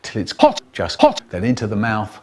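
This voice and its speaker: An older man reading a children's story aloud in a theatrical, expressive way, jumping into high squeaky voices for the characters and stretching words for effect. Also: moderate pace. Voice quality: expressive, voices the characters with big pitch jumps. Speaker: storyteller in a spliced comedy edit.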